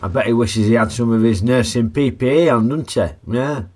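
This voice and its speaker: A man's voice: mid-range voice, normal speed, a little mellow. A man giving a chatty, jokey film review full of tag questions. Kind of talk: casual film review narration.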